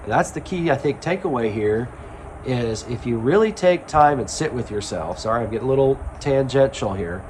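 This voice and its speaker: Earnest man musing slowly, faint traffic behind. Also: mid-range voice, a little mellow. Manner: slow, earnest, pausing with ums. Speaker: spiritual self-help speaker. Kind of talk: reflective monologue to camera.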